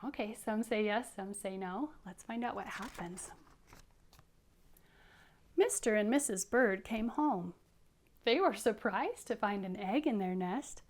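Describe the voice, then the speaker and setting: A woman teacher reading a picture book aloud to young children, animated, dropping into hushed whispered asides. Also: mid-range voice, measured pace, long pauses.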